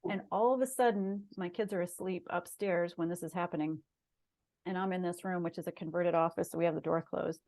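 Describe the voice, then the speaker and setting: A woman's voice: on the low side, fairly even intonation, brisk, darkish tone. A middle-aged woman, a guest on an interview show, earnestly telling a personal story in casual conversation. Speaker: guest, shaman and massage therapist.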